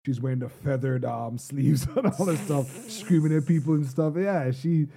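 Man, podcast co-host, very mellow warm tone, animated, laughs a lot, joking. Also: mid-range voice, normal speed, gravelly. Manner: animated, laughs often, jokey. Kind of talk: casual chat.

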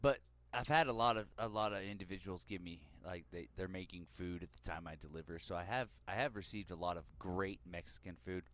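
A man's voice: low-pitched, brisk, few pauses, a bit bright. A man in his forties co-hosting a casual podcast, rambling and laughing as he tells stories. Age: 40s. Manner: rambling, laughs a lot, slips into mock accents. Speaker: podcast co-host. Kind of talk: casual chat.

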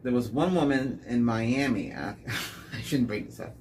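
A man rambling through his own dating stories in a casual monologue, repeating words and getting animated when he quotes people. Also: medium pitch, moderate pace, slight background noise. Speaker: dating vlogger.

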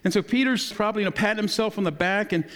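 A man's voice: sits high, rapid-fire, fairly bright tone. A man preaching a conversational sermon, explaining scripture in an easygoing teaching manner with frequent restarts.

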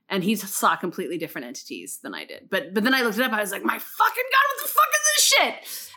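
A woman in casual chat, telling an animated story with lots of swearing and fillers. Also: mid-range voice.

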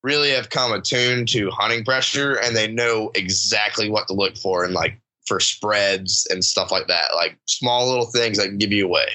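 Male, casual hunting talk, very bright tone, relaxed filler-heavy delivery. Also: lowish voice, moderate pace, few pauses, low-quality recording. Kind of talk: casual chat.

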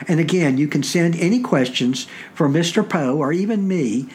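A man from Virginia with a Southern accent, hosting a podcast and explaining things in a measured, deliberate way. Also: fairly high pitch. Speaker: podcast host.

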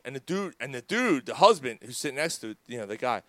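A man's voice: mid-range voice, expressive, quick pace, fairly bright tone, dry recording. Rambling, profane man telling a story. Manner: profane, rambling, acts out quoted dialogue. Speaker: podcast co-host. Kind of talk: casual storytelling chat. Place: studio.

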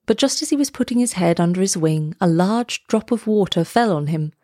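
A woman narrating a fairy tale aloud in a measured, expressive storytelling voice. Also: lowish voice, dry recording, studio quality.

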